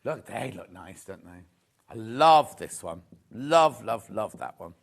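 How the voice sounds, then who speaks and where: A man's voice: on the low side, expressive, slow pace, vocal fry. A middle-aged man hosting a live sewing shopping show, gushing over fabrics and teasing the crew in chatty banter. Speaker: shopping channel host. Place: TV studio.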